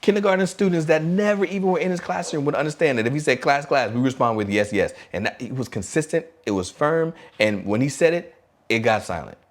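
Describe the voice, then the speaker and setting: A man hosting a podcast for new teachers, talking in an energetic, animated way and acting out classroom call-and-response chants. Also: a little high, fast. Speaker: podcast host and teacher trainer.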